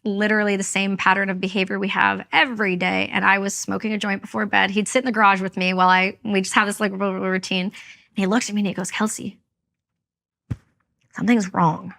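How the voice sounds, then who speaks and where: A woman's voice: medium pitch, level tone, quick pace, gravelly, sharp tone. A woman from Canada, a veteran and guest, telling a personal story in an interview, candid and blunt.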